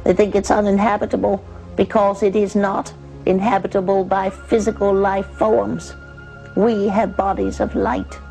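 A woman channeling a calm female spirit who claims to come from Venus, speaking slowly and soothingly. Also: mid-range voice, soft background music, lightly acted, poor audio. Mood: serene. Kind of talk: channeling session.

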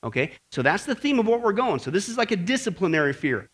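High, lively-voiced man preaching. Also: fast. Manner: lively, keeps checking in with "okay?" and "right?". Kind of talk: sermon.

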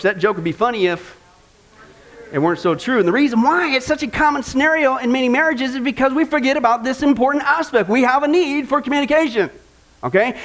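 A man's voice: extremely high pitch, fairly bright tone. A man preaching a sermon on marriage, earnest and conversational, speaking straight to the congregation with touches of humor. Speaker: pastor.

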